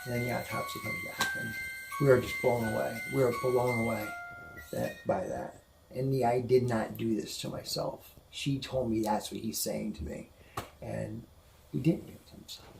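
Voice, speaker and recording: A man, a guest on the show, telling an emotional personal story indoors, halting and repeating himself when upset. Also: medium pitch, vocal fry, music in the background, low-quality recording. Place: indoors at a house museum.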